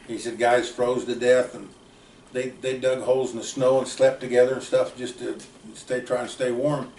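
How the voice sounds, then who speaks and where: A man's voice: medium pitch, flat delivery, normal speed, a little mellow. An older man from the United States, a plainspoken, folksy uncle telling long family stories in a casual, rambling way. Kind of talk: casual storytelling. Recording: roomy, distant mic, faint background noise.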